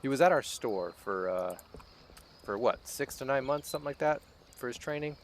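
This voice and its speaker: A man's voice: medium pitch, expressive, moderate pace, slight background noise. A man giving crude, joking commentary over a video game, swearing a lot as he talks. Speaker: let's play host. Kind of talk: casual gameplay commentary.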